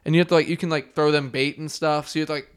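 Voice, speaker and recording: A young man rattles through a casual chat at a quick clip, his voice clean and clear. He rambles through long explanations, leaning on fillers as he goes. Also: on the high side, steady tone.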